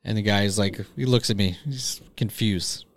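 A man's voice: fairly low pitch, normal speed, dry recording, clean studio sound. A man in casual chat, joking around crudely and swearing freely.

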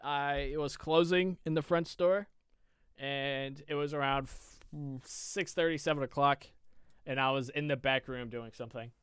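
A man's voice: mid-range voice, steady tone, normal speed, a bit bright, clean tone, no echo, clean studio sound. A man co-hosting a casual podcast, telling rambling work stories with plenty of swearing. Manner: rambling storyteller, swears a lot. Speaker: podcast co-host.

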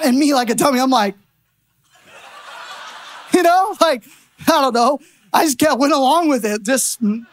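Woman preacher, brisk storyteller, laughs easily, slightly high voice, church sermon. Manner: animated storytelling, laughing, conversational. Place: church sanctuary.

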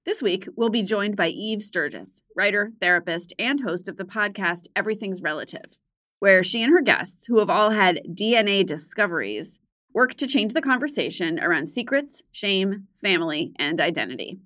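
A woman's voice: medium pitch, animated, normal speed, a bit bright. A woman co-hosting an advice podcast, reflective and asking probing questions in a casual way. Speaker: podcast co-host.

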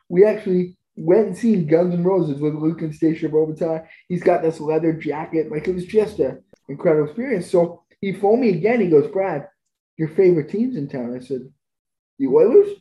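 A man with a fairly high, mellow voice talks fairly quickly, barely pausing. As a podcast guest, he tells stories in a conversational, enthusiastic way, gushing about his experiences. The recording has a roomy echo.

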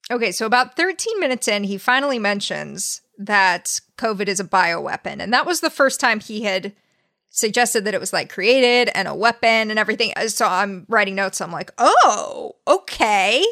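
A woman's voice: mid-range voice, animated, creaky, pushed and bright. A woman co-hosting a casual podcast, wryly recounting her research with mocking asides. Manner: wry, quick, mocking quotes of others.

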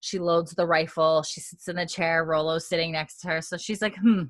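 A woman's voice: low-pitched, fairly even intonation, moderate pace, no echo. A woman recapping a TV episode in casual chat, retelling scenes in a chatty way full of "like" and "and then". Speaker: podcast co-host recapping a TV episode.

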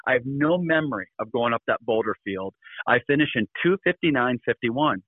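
A man, a guest in a radio interview, telling a personal story in an animated way and laughing between lines. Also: mid-range voice, a little fast, no room sound, narrow, tinny audio.

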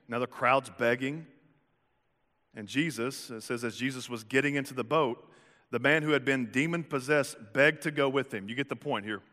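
A man's voice: medium pitch, bright, forceful tone. A man preaching a sermon as a pastor in a church, telling stories animatedly and asking rhetorical questions. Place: church sanctuary. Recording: reverberant church hall.

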